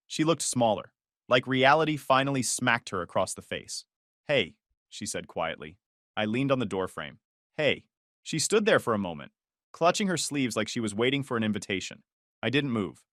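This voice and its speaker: Calm, dryly sarcastic male storyteller. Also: medium pitch, no echo, studio quality. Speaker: narrator. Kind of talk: scripted first-person storytelling.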